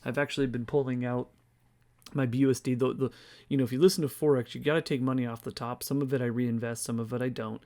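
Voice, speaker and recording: A man's voice: mid-range voice, fairly even intonation, quick pace, warm tone. A man hosting a casual screen-share walkthrough, tired and yawning, rambling and thinking aloud as he reads figures off the screen. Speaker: crypto video host.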